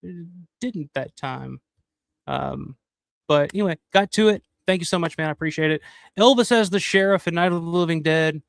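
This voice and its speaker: A man's voice: fairly high pitch, normal speed, creaky, smooth. A middle-aged man hosting a live stream, chatting loosely and profanely while thanking viewers by name. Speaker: livestream host. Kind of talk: casual live-stream chat.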